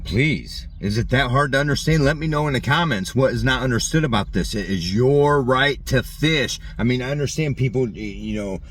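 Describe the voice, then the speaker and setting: A man's voice: medium pitch, normal speed, hardly any pauses, recorded from a distance. A man hosting his own vlog, ranting indignantly and mocking the commenters who disagree with him. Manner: indignant, repetitive, mocks opponents' comments. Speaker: channel host. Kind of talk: opinionated vlog rant.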